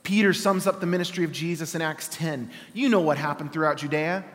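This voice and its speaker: A male preacher with a fairly high voice reads scripture and drives home his points with rhetorical questions. His voice carries a long reverb, as if spoken in a large hall. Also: fairly quick, fairly bright tone. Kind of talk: sermon with scripture reading.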